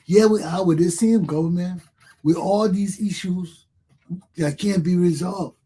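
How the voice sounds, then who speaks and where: A man's voice: high voice, unhurried, dark tone, husky. A man with a Liberian English accent hosting a talk show, giving impassioned political commentary and repeating himself as he addresses his listeners.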